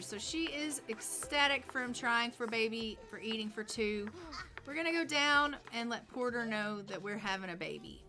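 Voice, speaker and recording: A woman's voice: on the high side, pushed and bright. A woman streaming a life-sim game, chatting casually with her viewers and her sims.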